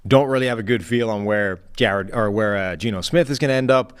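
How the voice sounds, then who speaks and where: A man hosting a casual sports discussion as a football analyst, measured and analytical as he lays out his points one by one. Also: fairly low pitch, smooth. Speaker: show host and football analyst.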